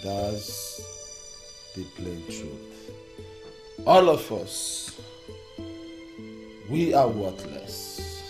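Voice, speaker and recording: A man's voice: on the low side, sing-song, extremely slow, long pauses, faint music behind, full character voice. An actor with a Nigerian accent playing a despairing young man who keeps repeating his anguish. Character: despairing young man, the family's second son. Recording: loud film score behind.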